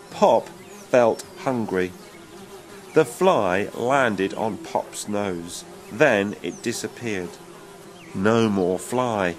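Slow expressive man reading a storybook. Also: on the low side, soft background music. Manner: slow, deliberate, expressive read-aloud. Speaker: author reading his storybook. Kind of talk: children's story narration. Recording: noisy background hiss.

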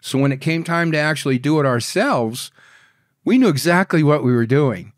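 A man in his sixties, a podcast guest telling wild stories in a rambling, profane, animated way. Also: fairly high pitch, moderate pace, dry recording, studio quality. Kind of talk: casual storytelling interview.

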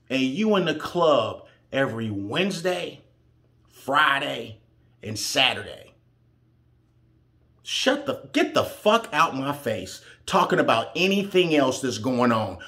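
A man's voice: on the high side, big pitch swings, takes it slowly, sharp tone. A man giving reaction commentary, blunt and heated, swearing freely as he argues his point. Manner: blunt, heated, profane, preachy. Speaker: reaction show host.

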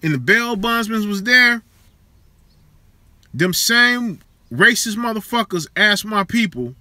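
A man's voice: a little high, animated, takes it slowly, long pauses, bright, forceful tone, no echo. A man hosting a live show, chatting casually and profanely with viewers in a streetwise way.

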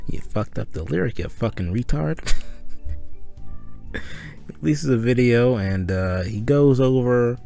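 A man's voice: medium pitch, animated, unhurried, gravelly, long pauses, dark tone, soft background music. A man giving rambling, mocking commentary in a casual, profane way, breaking off to laugh. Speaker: commentary video host.

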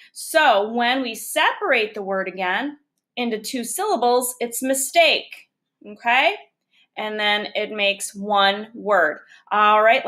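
A woman's voice: fairly high pitch, fairly bright tone. A woman teacher giving a recorded phonics lesson to young children, patiently sounding out letters and syllables one by one.

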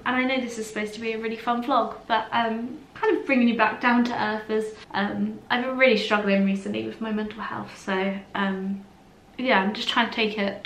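A woman's voice: on the high side, a bit bright, echoey room. A young woman vlogging casually to camera, chatty and full of "like", sounding tired, in a hotel room. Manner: chatty, fills with "like" and "literally". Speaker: lifestyle vlogger. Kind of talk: casual vlog chat to camera.

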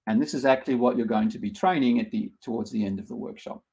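Guy teaching a coding workshop, gravelly voice, keeps restarting his sentences, um and uh a lot. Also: mid-range voice, fast talker, dark tone. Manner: explaining step by step with frequent restarts and fillers. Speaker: workshop instructor. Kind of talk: live online lecture.

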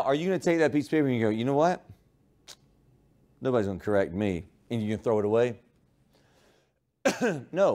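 A male high school history teacher giving a classroom lecture, telling a playful story and calling on students by name. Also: a little mellow. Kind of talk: classroom lecture with humorous illustration.

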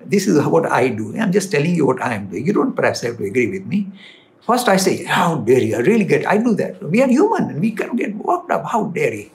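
A man with an Indian English accent, answering viewer questions in an animated, emphatic explanatory talk. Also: fairly high pitch, fast talker. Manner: animated, emphatic, rises when stressing points. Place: London studio.

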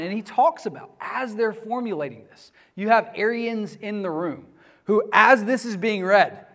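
A man lecturing a class on church history in a conversational way, often asking the students questions. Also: high-pitched.

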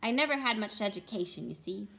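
A woman's voice: mid-range voice, animated, fast talker, creaky, sharp tone. A woman voicing a humble working-class cab driver in a storybook read-aloud, talking in a plain, deferential, folksy way.

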